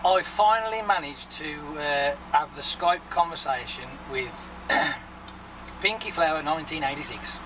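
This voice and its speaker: Brief: male vlogger, chatty and sweary, slightly high voice, mic set back with loud traffic behind. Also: measured pace, far from the mic. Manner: rambling, chatty, swears freely. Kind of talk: casual vlog chat.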